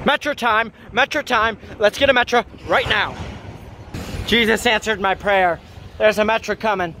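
A man's voice: high voice, normal speed, pushed and bright, a little hiss or hum. A young man filming a train-spotting vlog by the tracks, talking frantically and repeating himself. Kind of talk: excited vlog commentary. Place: outdoors by railway tracks.

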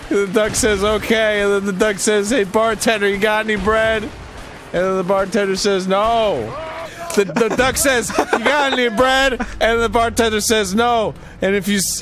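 Male co-host, high voice, loose rambling joke delivery over faint music. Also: slight background noise. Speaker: comedy show co-host. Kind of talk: casual joke-telling banter. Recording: animated comedy show with faint music.

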